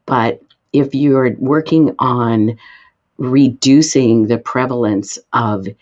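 Woman, interview guest, explanatory, emphatic pitch jumps, dull lo-fi sound. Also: slow, a little mellow. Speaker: guest expert. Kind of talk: interview answers.

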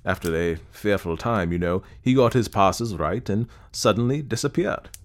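A man reading the part of a brisk Edwardian gentleman who tells his ghost story with heavy emphasis on certain words. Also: on the low side, expressive, lightly acted. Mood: emphatic. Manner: emphatic, blustering.

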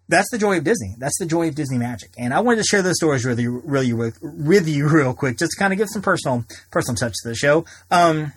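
A man's voice: mid-range voice, husky, no echo. A man in his thirties hosting a podcast, telling personal stories in a casual, rambling way with frequent restarts. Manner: rambling, many restarts and repeated words. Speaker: podcast host.

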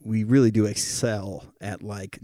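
A man's voice: lowish voice, fairly even intonation, unhurried, dark tone, dry recording, studio quality. A young man co-hosting a casual comedy chat, enthusiastic, making crude jokes and swearing. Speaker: podcast co-host.

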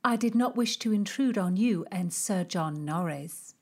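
A woman's voice: medium pitch, expressive, a little slow. A woman voicing a deferential, gossipy young maidservant in an audiobook. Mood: eager. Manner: deferential, chatty. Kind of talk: audiobook character reading.

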